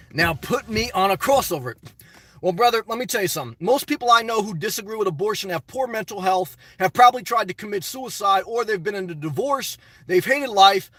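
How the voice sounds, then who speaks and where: Man, middle-aged, high bright voice, dry close sound, blunt rambling chat. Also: no echo, distant mic. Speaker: channel host answering live chat. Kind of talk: casual live-stream chat.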